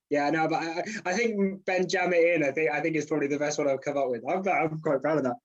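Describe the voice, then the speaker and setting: Joining a casual interview by video call, a young male comedian talks in a self-deprecating, meandering way, repeatedly tossing in "you know what I mean." He speaks a little fast in a fairly high, steady voice, and the audio is dull.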